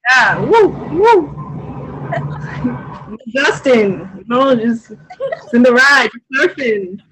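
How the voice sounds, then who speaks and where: A woman's voice: on the high side, slow, noisy background. A woman leading a group sharing circle, bubbly and encouraging, often laughing.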